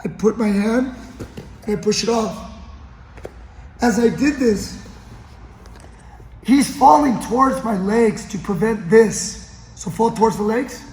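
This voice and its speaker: A high-pitched man with a darkish tone takes things slowly, leaving long pauses, over slight background noise. He coaches grappling on the gym mats, demonstrating a technique while checking in often with his partner. The echoey gym produces long reverb.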